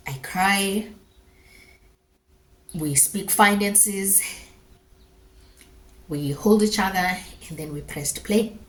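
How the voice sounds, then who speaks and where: Heartfelt young woman telling her story. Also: fairly low pitch. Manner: heartfelt and emotional, re-living each moment; earnest, with rushed worried questions. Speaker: vlogger. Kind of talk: personal storytelling to camera.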